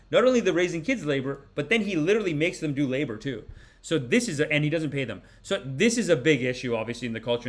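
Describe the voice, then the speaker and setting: Forties male host, comic pundit; animated, rambling, mock-sermon delivery, slightly high voice. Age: 40s. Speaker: podcast host. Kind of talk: comedic commentary.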